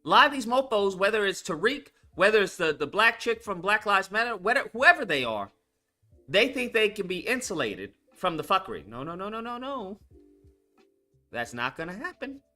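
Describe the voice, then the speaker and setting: Guy ranting on his channel, high lively voice, bright tone, cussing a lot, faint guitar music under it. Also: fairly quick. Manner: blunt, profane, repetitive and heated. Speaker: commentary channel host. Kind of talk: casual political commentary rant.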